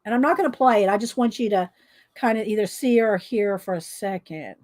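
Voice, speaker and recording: A woman's voice: mid-range voice, quick pace, darkish tone. A woman hosting a coloring video, casually telling rambling stories to her viewers with fillers and laughs. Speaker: adult coloring video host.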